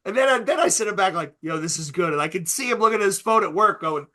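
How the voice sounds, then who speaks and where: A man hosting a casual podcast chat, talking loosely with quick asides, laughs and swearing. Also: high voice, animated, bright, forceful tone. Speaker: podcast host.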